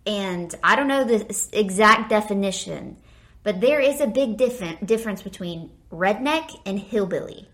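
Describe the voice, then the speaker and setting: A woman's voice: mid-range voice, animated, moderate pace. A woman from the American South co-hosting a podcast in casual chat, playful and filling her talk with "like". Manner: chatty, playful, says "like" often. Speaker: podcast co-host.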